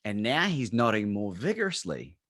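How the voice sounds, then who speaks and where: A man's voice: fairly low pitch, very animated, moderate pace, fairly bright tone, dry recording, clean studio sound. An Australian man, a courage coach, telling a story and acting out both sides of his phone calls. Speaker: guest speaker, courage coach. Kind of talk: storytelling talk on a video call.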